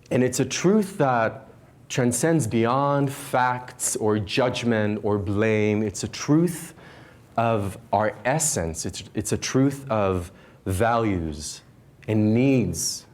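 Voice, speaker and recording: A man, a leadership coach, giving a conversational stage talk to a live audience, gently guiding and then telling a personal story. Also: medium pitch.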